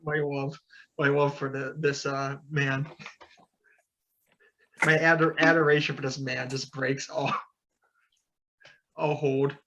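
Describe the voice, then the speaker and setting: A man playing a character in a tabletop game, talking in a gushing, excitable way. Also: mid-range voice, takes it slowly, pauses often, dull audio. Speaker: player.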